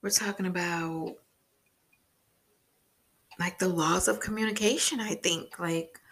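A woman's voice: lowish voice, steady tone, slow, fairly bright tone, breathy edge. A woman talking frankly in a rambling personal vlog about parenting and communication, swearing casually. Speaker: parent vlogger.

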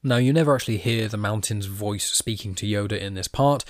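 A man's voice: fairly low pitch, brisk, no room sound, clean studio sound. A man hosting a podcast, chatting casually through a comic story and reading quoted lines aloud in his own voice with a self-deprecating manner. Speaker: podcast host.

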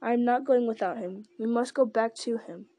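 A woman's voice: on the high side, normal speed, mellow, dry recording, lightly acted. Frodo, an earnest, anxious young hobbit, voiced by a woman. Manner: urgent, coaxing. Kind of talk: audiobook narration.

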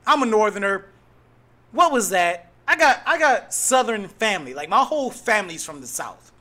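A man from Cleveland, Ohio hosting his own podcast, talking casually and breaking into loud mocking outbursts. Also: high-pitched, sing-song, normal speed. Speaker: podcast host. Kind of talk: casual solo podcast talk.

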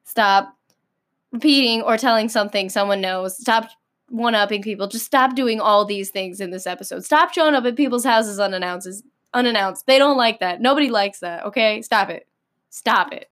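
A young woman hosting a solo podcast, ranting in an exasperated, animated way with many fillers. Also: mid-range voice, moderate pace. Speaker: podcast host.

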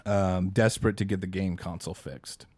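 Male podcast co-host, mellow dark tone, dry sound, wry and questioning, swears casually. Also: low-pitched, fairly even intonation, moderate pace, husky, dry recording. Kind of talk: casual movie-review chat.

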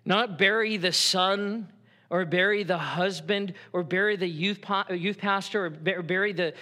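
A man's voice: high-pitched, steady tone, measured pace, bright, forceful tone. A middle-aged man preaching a sermon in church, earnest and conversational, acting out quotes as he goes. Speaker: pastor.

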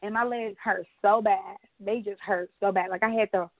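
A woman co-hosting a podcast, telling stories in casual chat, animated and laughing often. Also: mid-range voice, moderate pace, no echo. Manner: chatty storyteller, animated retellings, frequent laughs. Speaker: podcast co-host. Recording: tinny phone-line sound.

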